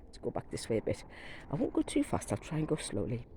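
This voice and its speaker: A middle-aged gardening vlogger with a rumbling low voice, huge pitch swings, a quick pace and mellow tone walks around her back garden, rambling and gushing over her plants as she comes down with a cold. Filmed on a phone camera she carries while walking, the recording is rough with slight background noise.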